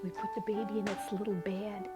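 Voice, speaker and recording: An older woman telling a childhood story in a gentle, sing-song way, lingering tenderly on her words. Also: medium pitch, flat delivery, fairly quick, rough recording. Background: music.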